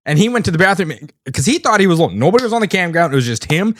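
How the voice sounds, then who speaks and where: A man co-hosting a podcast, casually recapping an anime and acting out the characters' lines with lively switches of voice. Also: high voice, racing, hardly any pauses, no room sound, clean studio sound. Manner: animated retelling, acts out characters' lines. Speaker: podcast co-host.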